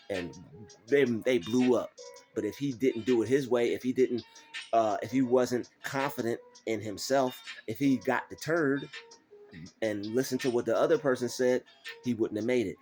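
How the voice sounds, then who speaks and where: A man giving a faith-based motivational talk, preachy and animated, acting out doubters in mocking voices. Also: medium pitch, moderate pace, faint music behind. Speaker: motivational vlogger.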